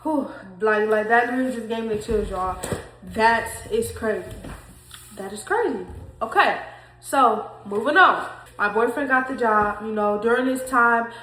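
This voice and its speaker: Young woman vlogging her testimony, emotional, keeps talking to y'all, kinda high voice, echoey room. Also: measured pace, sharp tone, slight background noise. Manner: emotional, talks straight to viewers, repeats herself. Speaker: vlogger sharing a faith testimony. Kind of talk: casual testimony vlog.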